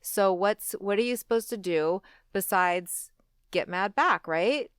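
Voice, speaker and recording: A woman's voice: slow pace, clear, resonant tone, no echo, studio quality. A woman in her forties telling a personal story in a candid, conversational interview, full of "like" and "you know", often acting out what she said back then. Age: 40s. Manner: conversational, fillers like "like" and "you know", acts out her own past lines; drops quiet and low when recalling regret. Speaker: guest.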